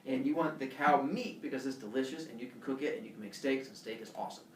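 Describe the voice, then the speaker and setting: A man's voice: mid-range voice, fast talker, slight background noise, natural voice. A man voicing a sly, exasperated trickster god who talks in a sarcastic, conspiratorial way. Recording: echoey room from far off.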